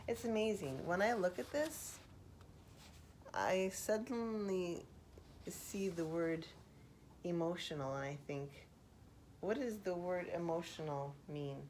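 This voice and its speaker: Slow, low-voiced soft-spoken woman. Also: expressive, a little hiss or hum. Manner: reflective, thinking aloud with pauses. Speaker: host. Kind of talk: soft-spoken ASMR poetry analysis.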